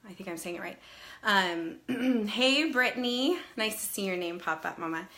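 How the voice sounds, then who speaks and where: A woman in her thirties chats casually on a live stream and greets viewers one by one by name. Her voice is bright and forward, and it is a little nasal and breathless from a passing cold. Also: medium pitch, lively intonation, normal speed.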